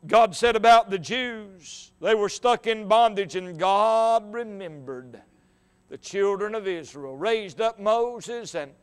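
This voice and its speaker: High-voiced man preaching a fiery sermon. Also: takes it slowly, clear, resonant tone. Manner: impassioned, rising to shouts, quotes old scripture. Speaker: evangelist. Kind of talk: fervent revival sermon.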